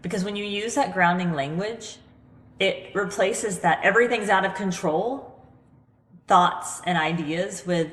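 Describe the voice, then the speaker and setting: A woman hosting a podcast, talking earnestly and a little ramblingly about staying calm in a crisis, recorded in her living room. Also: lowish voice, normal speed. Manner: earnest, rambling, self-deprecating. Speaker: podcast host. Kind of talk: reflective motivational talk. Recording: echoey room with long reverb.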